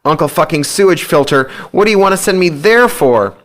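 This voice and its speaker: A man's voice: on the high side, animated, a little fast, fairly bright tone, voice pushed up. A man voicing a hungover, desperate man who whines and wails in panic. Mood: panicky. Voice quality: wailing, whiny.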